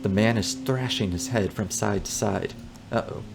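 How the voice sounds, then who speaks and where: A man's voice: fairly low pitch, moderate pace, vocal fry, noisy background. A man playing a text adventure, reading the narration aloud and adding amused, joking asides. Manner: amused, joking asides between read passages. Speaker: let's player.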